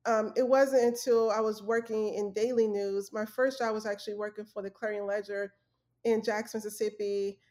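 A woman's voice: mid-range voice, flat delivery, normal speed, a little mellow. Young woman guest, earnest, lots of ums and restarts, chatty interview. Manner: earnest, storytelling, many fillers and restarts. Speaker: guest, former journalist. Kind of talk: casual interview conversation.

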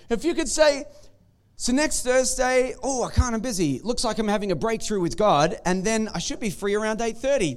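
High-voiced man preaching a sermon. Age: young adult or middle-aged. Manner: conversational and joking, often repeating words. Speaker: pastor.

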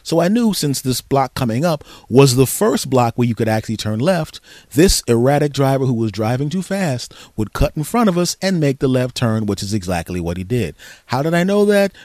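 A middle-aged man rants through a comedic solo monologue, his voice at an ordinary mid pitch. He is animated and jumps into mock voices. The close microphone picks him up completely dry, with no room sound. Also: normal speed, no echo. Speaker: podcast host.

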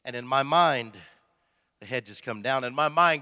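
A man preaching a missionary testimony as a sermon, telling his story with high-strung, excitable energy. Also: normal speed. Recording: long hall reverb.

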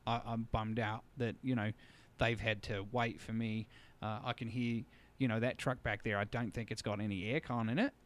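A man's voice: on the low side, flat delivery, normal speed, hardly any pauses, fairly bright tone, lightly acted. A man voicing a weary male outback trucker with an Australian accent, earnest and regretful.

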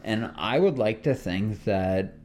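A man's voice: on the low side, expressive, slow pace, a little mellow, slight background noise. A man co-hosting a podcast, reflecting aloud in casual chat and restarting his sentences. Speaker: podcast co-host. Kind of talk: casual conversation.

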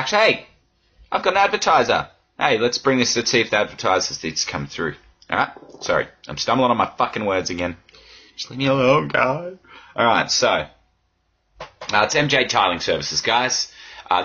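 A man's voice: lowish voice, sharp tone, slightly rough, highs cut off. A man hosting a casual solo podcast, rambling and swearing freely and poking fun at himself. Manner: rambling, sweary, self-mocking. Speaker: podcast host. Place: home room in a swivel chair.

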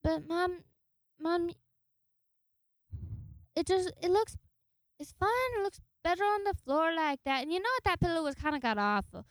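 A woman's voice: very high-pitched, normal speed, pauses often, no echo, pitched above the performer's own voice. A woman voicing a cheeky, defiant young female puppy who whines and talks back in a casual podcast bit. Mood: whiny. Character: sassy foul-mouthed young female puppy.

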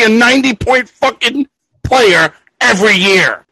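A man's voice: high-pitched, expressive, normal speed, breathy edge, dry recording, poor audio. A man ranting angrily about his teams on a sports podcast, swearing and raising his voice. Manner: angry profane ranting, shouting at times. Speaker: podcast co-host. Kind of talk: casual sports chat.

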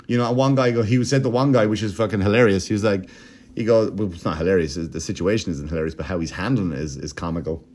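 A man with a fairly low voice talks on his podcast in loose, casual comedic commentary. He rambles, swears freely and drops into mocking impressions of the people in his story. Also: fast talker, darkish tone. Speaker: podcast host.

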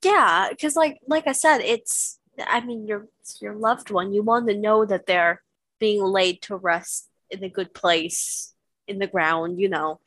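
Female co-host, earnest explainer, mid-pitched voice, dry recording. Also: unhurried, fairly bright tone, dry recording, low-quality recording. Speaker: podcast co-host. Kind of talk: casual podcast chat.

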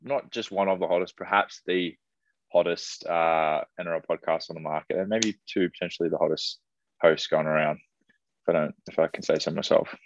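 A young man with an Australian accent co-hosting a casual podcast, chatty and relaxed. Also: sits low, a little fast, slight background noise. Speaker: podcast co-host. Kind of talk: casual chat. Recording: dry, dull lo-fi sound.

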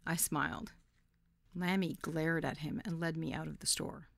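A woman hosting a podcast reads her own memoir in a candid, lively storytelling manner. Her voice sits low, and the recording is dry and close with no room sound. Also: moderate pace, vocal fry, no echo. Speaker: podcast host. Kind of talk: first-person memoir narration.

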